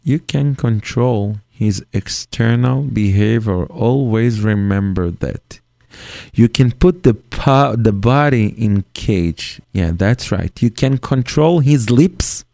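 Gravelly rabbi teaching in slow earnest English. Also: male voice, fairly low pitch, dark tone, no echo, studio quality. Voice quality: non-native English grammar. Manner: earnest, acts out parent and child in dialogue. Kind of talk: Torah lecture on parenting.

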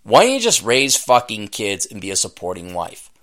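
A male podcast host in a comedic rant, scornful and foul-mouthed. His pitch swings widely as he jumps from low grumbling to loud outbursts. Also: huge pitch swings, moderate pace. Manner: profane, scornful, bursts into shouting. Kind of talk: comedic rant reacting to a read-aloud article.

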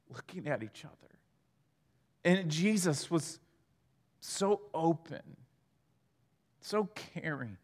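A man preaching a sermon in an earnest way, moving between hushed and emphatic delivery. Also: fairly high pitch, in a large hall.

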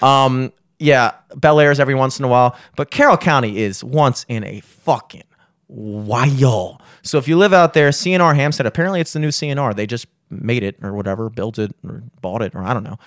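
A man's voice: mid-range voice, no room sound. Young male podcast host, loose and profane, dry close mic. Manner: profane, joking, rambling plugs. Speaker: podcast host and gigging musician. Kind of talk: casual podcast banter.

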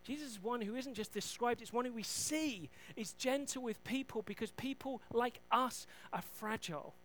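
High-voiced preacher telling Bible stories. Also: male voice, moderate pace, slight background noise, rough recording. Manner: storytelling, animated, self-deprecating asides. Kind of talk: sermon.

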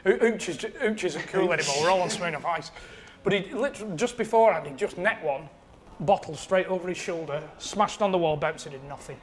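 A man's voice: sits high, brisk, crowd noise. A man, rambling through a self-mocking anecdote on a podcast. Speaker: podcast producer. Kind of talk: casual storytelling.

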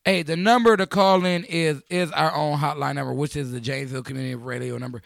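A man from Chicago hosting a community radio call-in show, joking loudly and slangy with friends in the studio. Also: on the high side, steady tone, fast, vocal fry, hardly any pauses, dry recording. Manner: rowdy, joking, slangy, talks over friends. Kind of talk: loose call-in radio banter.

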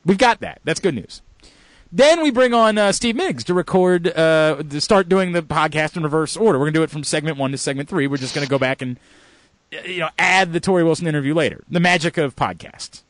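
A man's voice: on the high side, fairly quick, a bit bright, no room sound. A man hosting a sports podcast in a radio studio, telling self-mocking stories with a joking tone. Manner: joking, self-mocking storytelling with frequent laughs. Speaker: podcast host. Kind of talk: casual podcast banter.

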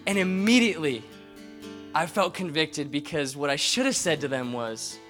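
A male pastor preaching a sermon through an animated, chuckling story full of "like" fillers. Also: on the high side, normal speed, soft background music.

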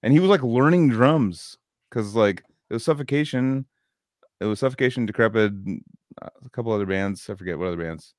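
A man's voice: medium pitch, lively intonation, fairly quick, darkish tone, dry recording, clean studio sound. A drunk man telling a rambling, profane story in a casual chat, with lots of filler words.

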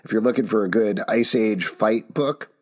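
A man's voice: on the low side, normal speed. A man co-hosting a comic book review podcast, chatting casually and joking between credit readouts. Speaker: podcast co-host.

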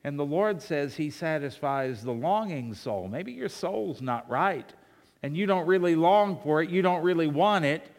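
A man preaching from the pulpit, his voice sitting a little higher than most men's. He fires off strings of rhetorical questions and swings between hushed asides and loud, pressing emphasis. A long reverb trails after his words, as in a big hall. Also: animated, measured pace. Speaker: pastor. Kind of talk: sermon.

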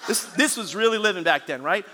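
A man preaching as a pastor, telling a lively story and then leading a hushed, earnest prayer in a church. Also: sits high, quick pace, slight background noise. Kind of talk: sermon with storytelling and altar call. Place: church auditorium.

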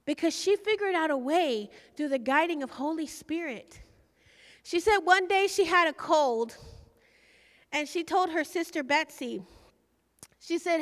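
A woman's voice: extremely high pitch, lively intonation, a little slow, pauses often, big-room sound. A woman preaching a sermon, fervent and exhorting as she tells a story.

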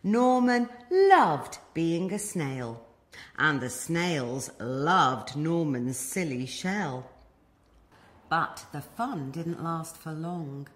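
Animated woman reading a children's story. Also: low voice, very slow. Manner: expressive, animated read-aloud.

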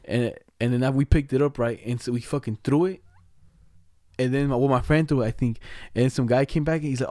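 Mellow-voiced slangy young man. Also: medium pitch, steady tone, a little fast, no room sound, clean studio sound. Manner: slangy, rambling, laughs often. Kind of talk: casual chat.

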